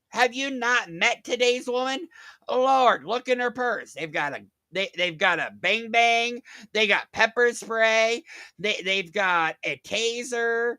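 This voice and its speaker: A man's voice: very high-pitched, slow pace, sharp tone, dry recording. A man ranting on his vlog in a sarcastic, mocking way, often laughing at a critic. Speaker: vlogger. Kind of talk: mocking rant.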